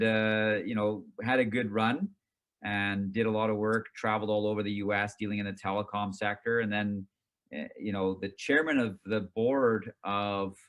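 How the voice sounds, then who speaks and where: A middle-aged man, chairman and CEO of a company, casually telling the story of his career in an interview, animated and self-mocking, acting out his own past reactions. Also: lowish voice.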